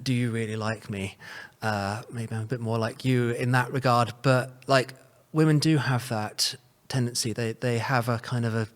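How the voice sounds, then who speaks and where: Chatting casually as a podcast guest, a South African man with a hint of that accent in his English talks in a mid-range voice with fairly even intonation. He keeps a moderate pace with few pauses, hedging wordily with plenty of "sort of" and "kind of".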